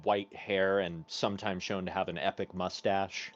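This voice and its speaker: A man's voice: deep voice, little pitch movement, moderate pace, no room sound, muffled recording. A man playing a tabletop game, chatting casually and often searching for words. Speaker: player.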